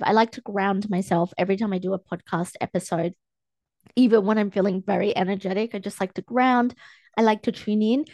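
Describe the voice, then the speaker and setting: A young woman hosts her own podcast, speaking straight to her listeners in a chatty, encouraging coaching tone. Her voice sits in an ordinary middle pitch. It is close-miked and dry, with no room sound. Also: a little mellow, no room sound. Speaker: podcast host. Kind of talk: casual solo podcast talk. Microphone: close podcast mic, filmed for video.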